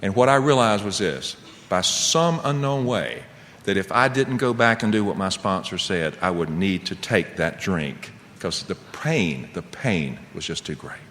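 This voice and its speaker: A man's voice: low voice, expressive, measured pace, a bit bright. A middle-aged man at an AA meeting tells his recovery story, telling it vividly and asking the audience rhetorical questions. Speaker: AA speaker. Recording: long reverb, faint background noise.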